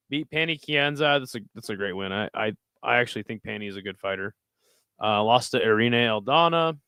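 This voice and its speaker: A man's voice: mid-range voice, fairly bright tone, clear, resonant tone, no echo. A man hosting a casual livestream of fight picks, reading live chat and talking in a loose, rambling, profane way.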